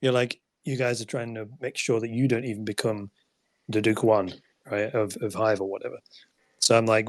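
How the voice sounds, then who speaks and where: A man's voice: on the low side, level tone, normal speed, dry recording. A man guesting on a casual podcast chat who talks in a conversational way, plays devil's advocate and laughs along.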